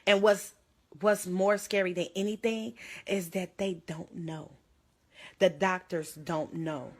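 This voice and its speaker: A woman's voice: mid-range voice, fairly bright tone. Young black woman on a phone live, urgent and pleading, near tears, everyday voice. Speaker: livestreamer. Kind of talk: emotional livestream plea.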